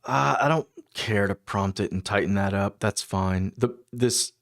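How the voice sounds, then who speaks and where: A man with a fairly low voice talks through his coding session, reading and reacting as he goes. He murmurs short asides and half-thoughts to himself in a relaxed, conversational way. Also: measured pace, creaky. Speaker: developer livestreaming his coding. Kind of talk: casual thinking-aloud commentary.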